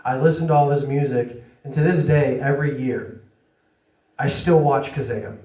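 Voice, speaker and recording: This stand-up comic jokes at his own expense, chuckles as he delivers lines and keeps a chatty back-and-forth with the club audience. He speaks at a moderate pace in a medium pitch with a dark tone. The mic sits far away, giving a roomy sound.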